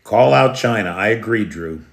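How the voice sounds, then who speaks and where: An American man hosts a live news stream, chatting casually, clearing his throat often, and answering viewers' comments by name. His voice is fairly low with lively intonation at a normal speed.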